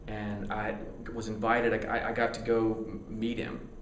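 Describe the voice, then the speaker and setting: A musician being interviewed, talking candidly in a rambling, excitable way, full of stammered restarts and casual swearing. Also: male voice, lowish voice, normal speed, echoey room, slight background noise.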